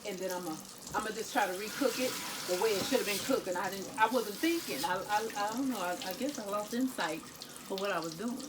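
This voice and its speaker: A fast-talking woman with a medium-pitched voice cooks in her home kitchen while chatting with viewers she calls "y'all" and "guys." It's a casual vlog, with some background noise.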